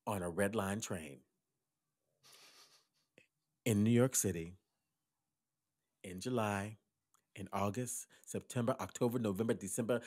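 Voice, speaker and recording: A man co-hosting a podcast, telling a story theatrically, switching between loud bursts and hushed asides. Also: lowish voice. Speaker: podcast co-host.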